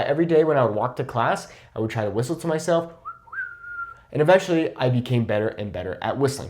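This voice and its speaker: An encouraging young man teaches Spanish pronunciation in an online lesson. His voice rises and falls a lot, and he speaks at a medium pitch. He keeps checking in with the listener after each point and says example words slowly and carefully.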